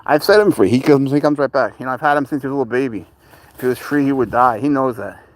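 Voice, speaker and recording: A man's voice: medium pitch, fast, dry recording, rough recording. Laid-back man chatting on a live stream. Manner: laid-back, chuckling, answers viewer questions. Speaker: livestream host with a pet serval. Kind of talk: casual live-stream chat reading comments.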